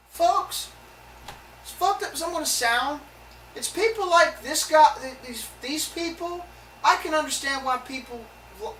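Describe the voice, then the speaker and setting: A woman's voice: high voice, fairly bright tone, a little hiss or hum, poor audio. A woman delivering a heated, profane rant to her viewers, stumbling and restarting her sentences as she goes. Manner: heated, swearing, halting with many restarts. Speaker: video blogger. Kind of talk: angry profane rant to camera.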